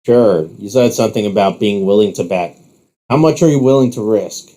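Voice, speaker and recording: A man's voice: fairly low pitch, normal speed, mellow, close to an everyday voice. A man voicing a smug, unimpressed male rival who talks in a dry, dismissive way.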